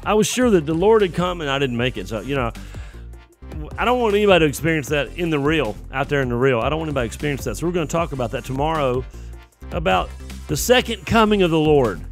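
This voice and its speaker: Folksy preacher with a gravelly voice. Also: male voice, on the high side, animated, quick pace, faint music behind. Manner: folksy storytelling with acted-out voices. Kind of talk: sermon.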